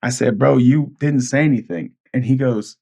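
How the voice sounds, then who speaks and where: A man telling a story in casual podcast chat, animated and acting out quotes with big jumps in pitch. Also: normal speed, gravelly. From California.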